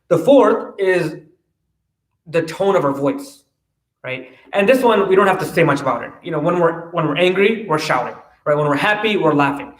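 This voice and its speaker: A man giving a casual religious talk, full of restarts and quick "right?" asides. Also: a little high, lively intonation. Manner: conversational, many "right?" tags and restarts. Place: mosque hall. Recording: roomy, distant mic.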